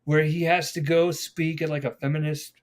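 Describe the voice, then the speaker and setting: A man's voice: on the high side, flat delivery, normal speed. A man co-hosting a podcast, rambling and swearing as he retells pranks. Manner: rambling, profane, acts out quotes. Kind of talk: casual chat.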